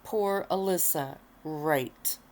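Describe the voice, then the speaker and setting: A woman softly reading her own story aloud at home, relaxed and unhurried, lounging on pillows. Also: low voice, slight background noise. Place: at home, lying on a bed of pillows.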